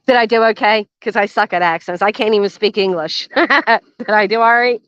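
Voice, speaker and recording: A woman's voice: mid-range voice, moderate pace, fairly bright tone, no room sound. An older woman hosting a reaction commentary channel, blunt, sarcastic and swearing freely, recorded outdoors by a garden fence. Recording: dull, dry lo-fi sound.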